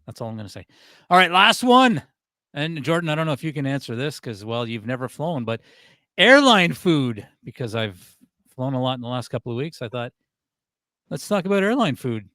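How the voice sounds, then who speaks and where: A man hosting a comedy podcast, relaxed and easily amused as he leads the segments. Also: medium pitch, fairly quick, dry recording, clean studio sound. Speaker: podcast host. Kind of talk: casual podcast chat.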